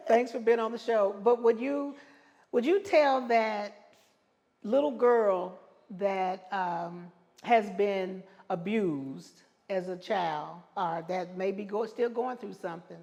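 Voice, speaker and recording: A woman podcast host asking her guest questions gently, often laughing as she speaks. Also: mid-range voice, slow pace, creaky. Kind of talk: interview questions. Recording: long hall reverb.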